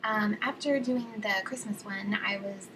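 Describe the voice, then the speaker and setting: A woman's voice: mid-range voice, steady tone, unhurried. A young woman from California with a Californian accent, chatting casually in a vlog, full of ums and likes. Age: young adult. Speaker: vlogger. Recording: distant mic with clear room noise.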